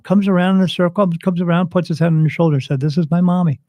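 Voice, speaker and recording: A man with a fairly high voice recounts a story as a guest on an interview show, acting out each person's lines as he goes. The sound is dry and close, with no room around it. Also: quick pace, few pauses, no echo. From United States. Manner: animated retelling, acts out quoted dialogue. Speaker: spirit medium guest.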